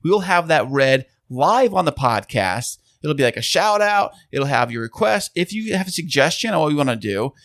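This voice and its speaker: Lively man with an infomercial pitch. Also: moderate pace, hardly any pauses, dry recording, clean studio sound. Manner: upbeat, pitchman-like delivery. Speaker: podcast co-host. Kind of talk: casual chat, playful sales pitch. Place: home studio.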